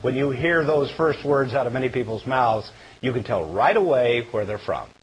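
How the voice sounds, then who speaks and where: A man anchors the news, reading from a script in a measured, conversational way. His pitch moves a lot as he speaks. Faint music runs underneath. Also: expressive, lo-fi sound.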